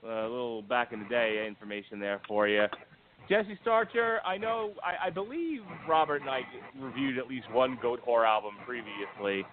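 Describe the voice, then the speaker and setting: A man's voice: medium pitch, moderate pace. A man hosting a casual, profane podcast chat, joking with his co-hosts. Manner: joking, profane, mimics others in quotes. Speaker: podcast host. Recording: phone-like band, faint noise.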